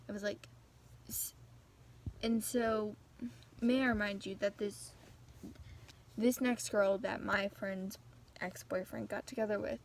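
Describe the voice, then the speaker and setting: A woman's voice: mid-range voice, fairly even intonation, slow, vocal fry, long pauses. A teenage girl telling a rambling, gossipy story as a casual rant, full of restarts and asides. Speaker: vlogger.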